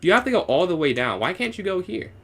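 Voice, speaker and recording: A young man solving chess puzzles live, thinking aloud and answering chat, sometimes trying out halting beginner French. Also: high-pitched, sing-song, gravelly. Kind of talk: casual live-stream commentary.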